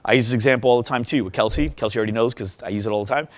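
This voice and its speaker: A man's voice: medium pitch, very fast, no echo. A man speaking at a live workshop, firing rhetorical questions and drilling the audience in a punchy, repetitive way. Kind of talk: live seminar talk to an audience. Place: event room before a live audience.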